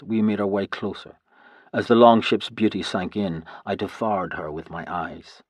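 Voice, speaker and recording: A man reading a historical novel aloud in the first person, telling the story in a measured way. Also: low voice, breathy edge, no echo. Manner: measured storytelling, voicing every character himself. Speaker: audiobook narrator. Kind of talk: first-person scripted narration.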